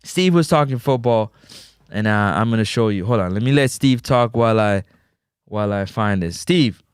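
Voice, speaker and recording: A man with a Jamaican accent hosting a casual football talk stream, playful and full of shout-outs and "boop" sound effects. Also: fairly low pitch, animated, moderate pace, clear, resonant tone, no room sound, clean studio sound, soft background music. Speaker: sports talk show host. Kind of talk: casual livestream football commentary. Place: indoors in a building overlooking a stadium.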